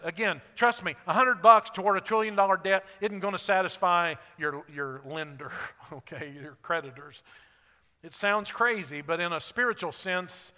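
A man preaching a sermon as pastor, rising to emphatic peaks and dropping to quiet asides. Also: sits high, in a large hall.

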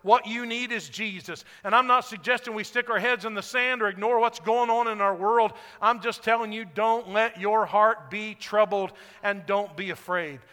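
A man pastor preaching a sermon to a congregation, building to loud shouted lines and then dropping his voice. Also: sits high, normal speed, few pauses. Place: church sanctuary. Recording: echoey hall.

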